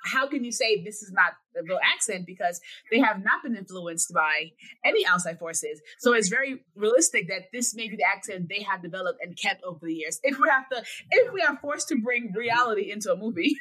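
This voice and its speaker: A woman co-hosting a casual podcast chat, talking in an animated, emphatic way. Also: medium pitch, a little fast, slightly rough, rough recording. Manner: animated, emphatic, talks things through. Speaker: podcast co-host.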